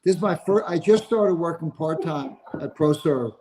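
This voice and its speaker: A man in his seventies, a sports agent guest, telling stories with animated energy and frequent laughter. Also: a little high, normal speed, slight background noise, poor audio. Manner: animated, laughs through anecdotes. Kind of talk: casual storytelling.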